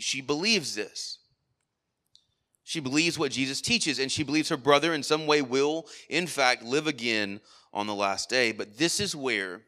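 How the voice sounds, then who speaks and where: Bright-voiced male pastor preaching. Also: medium pitch. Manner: earnest preaching with frequent asides and rhetorical 'right?'. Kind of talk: sermon. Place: church worship service.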